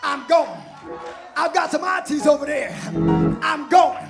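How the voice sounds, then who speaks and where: A man preaching a sermon, shouting and chanting repeated phrases in a live church service. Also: extremely high pitch, expressive, measured pace, gravelly. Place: church sanctuary. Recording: live church with music and congregation. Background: organ music and responding crowd.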